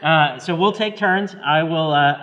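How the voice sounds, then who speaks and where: A man's voice: a little high, measured pace, a bit bright, dull audio. Upbeat man hosting in a reverberant hall. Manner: upbeat, laughs often, repeats "very good". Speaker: host of a church party show. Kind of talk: casual game-show hosting. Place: church hall. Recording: long hall reverb, faint noise.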